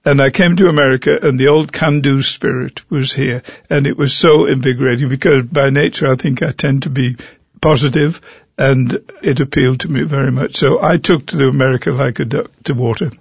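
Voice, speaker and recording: An older man with an English accent tells stories from his years as a pastor. His voice is gravelly with a husky, breathy edge. The recording is dry and a little dull. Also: medium pitch, a little fast, no room sound. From England. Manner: animated anecdotal storyteller. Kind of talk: interview storytelling.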